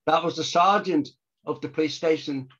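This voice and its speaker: A man's voice: on the high side, normal speed. An older man telling a story in a casual interview, acting out what people said and laughing as he goes. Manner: animated, acts out quotes, laughs often. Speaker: storyteller guest. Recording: muffled lo-fi sound.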